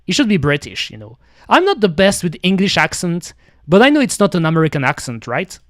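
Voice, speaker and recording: A man's voice: high-pitched, wildly swooping pitch, brisk, fairly bright tone. A man streaming and chatting casually as he reacts to a video, rambling with many fillers, restarts and small grammar slips. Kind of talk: casual chat.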